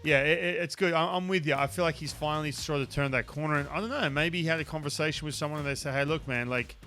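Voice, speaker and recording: A man, a former pitcher hosting a casual podcast chat, talking in an animated, emphatic way. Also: fast talker, soft background music.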